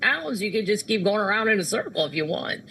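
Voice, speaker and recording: A woman comedian chatting as a podcast guest, rambling through stories with quick asides. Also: medium pitch, sing-song, a loud crowd, low-quality recording. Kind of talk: casual chat.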